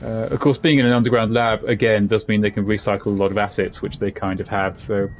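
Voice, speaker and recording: A man's voice: on the low side, little pitch movement, fast, slight background noise. Man, game streamer, chatty, joking, rambling commentary. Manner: chatty, jokey, rambling asides. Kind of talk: casual let's-play commentary.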